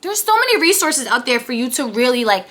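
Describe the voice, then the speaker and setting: Bright high-voiced young woman vlogger. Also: fairly quick. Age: 20s. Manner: chatty and animated, slips into whispers and playful asides. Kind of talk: casual motivational vlog.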